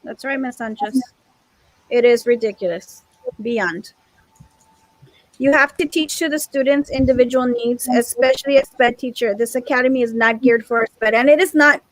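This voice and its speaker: A woman's voice: a little high, normal speed, no echo, poor audio. A woman teacher speaking in a group meeting, exasperated and emphatic, repeating her points. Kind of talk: frustrated discussion in a group meeting.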